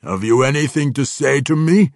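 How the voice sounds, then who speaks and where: A man voicing a cruel orc warlord who speaks with a growl and a soft purring menace. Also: mid-range voice, normal speed, gravelly, dry recording, clean studio sound, voice pushed up, lightly acted. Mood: cold.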